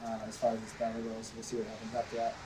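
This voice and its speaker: A man narrating a tabletop game as game master, unhurried and with frequent restarts. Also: fairly low pitch, monotone, far from the mic, background noise.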